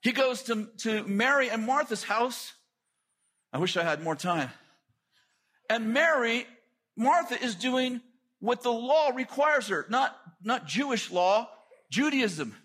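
A middle-aged man preaching a sermon, telling stories with lively asides and quick jokes. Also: very high voice, husky. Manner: animated storytelling with quick asides.

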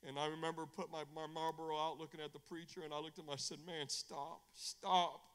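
A middle-aged man, an evangelist, preaching a testimony sermon, animated, swinging from hushed storytelling to shouting. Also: on the high side, racing, clear, resonant tone, in a large hall. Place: church.

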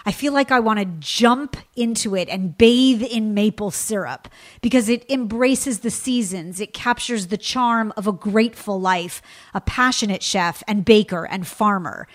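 A woman's voice: medium pitch, unhurried. A woman hosting a radio food show, talking in an effusive, gushing way.

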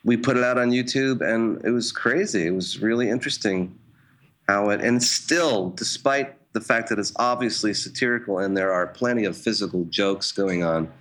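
Low-voiced man, hesitant musician. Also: normal speed, fairly bright tone. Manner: hesitant, many restarts and fillers; wry, self-mocking humor. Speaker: jazz musician. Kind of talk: casual interview talk.

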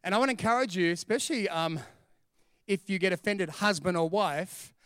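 An animated pastor delivers a sermon, his voice high for a man and smooth. The sound is close and dry. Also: a little fast, dry recording. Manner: animated, storytelling with acted voices.

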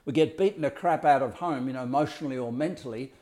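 A life coach talks fast in a mid-range, dark-toned voice, laying out his ideas casually. His explanations are blunt and vivid, laced with swearing and mimicked sound effects.

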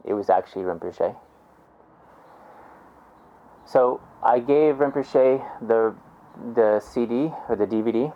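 A man with a fairly low voice recounts a moving personal story, talking casually and warmly, full of fillers and restarts. The recording sounds somewhat dull and lo-fi. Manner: heartfelt, many "like" fillers, restarts.

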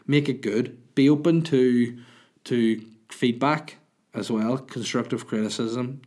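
A man's voice: on the low side, darkish tone. Chatty male comedian hosting a podcast. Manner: chatty, answers listener questions with restarts. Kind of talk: casual solo podcast chat.

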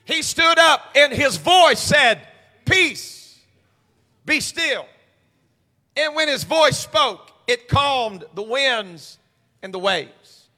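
A man preaching a sermon as pastor at a midweek church service, moving between quiet stretches and shouted, sing-song preaching cadence. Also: extremely high pitch, animated, slow pace, big-room sound. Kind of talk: pentecostal-style preaching sermon.

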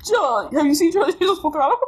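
A woman's voice: high-pitched, lively intonation, quick pace. A woman co-hosting a podcast, chatting casually with teasing, jokey asides. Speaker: podcast co-host. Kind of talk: casual chat.

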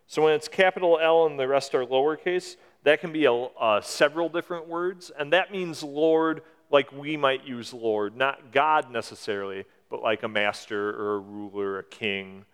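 A man in his forties preaches from a church, explaining his points in a conversational way and pushing up for emphasis. His voice is smooth and clear at a middle pitch. It rings with a long reverb through the hall. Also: normal speed, hardly any pauses. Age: 40s. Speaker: pastor. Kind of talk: sermon.

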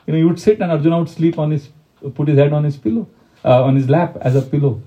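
Man giving a devotional talk, mellow voice. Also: on the high side, quick pace, dull audio. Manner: conversational, asks the audience questions; recites Sanskrit verses. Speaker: spiritual teacher. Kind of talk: devotional lecture.

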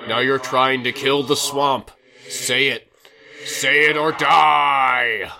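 A man voicing a vengeful male ghost who accuses his killer in a loud, menacing voice. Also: medium pitch, steady tone, takes it slowly, vocal fry, faint music behind, full character voice.

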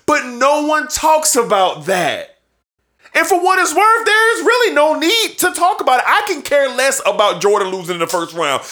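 A man's voice: extremely high pitch, sing-song, normal speed, sharp tone. A man hosting a sports show, ranting emphatically and repeating his points for effect, with bursts of laughter between points. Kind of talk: sports opinion rant.

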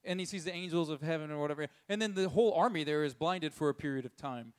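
A man giving a conversational sermon, chuckling often and acting out characters' lines in quick voices. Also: on the high side, clear, resonant tone. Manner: chuckles often while telling the story. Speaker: preacher.

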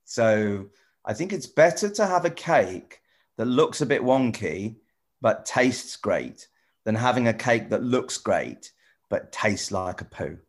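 A man presenter chatting with children in a casual video call, rambling and restarting often, gentle and encouraging. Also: on the low side, expressive, takes it slowly. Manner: rambling, stop-start, many repeated "you know". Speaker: TV presenter answering children's questions.

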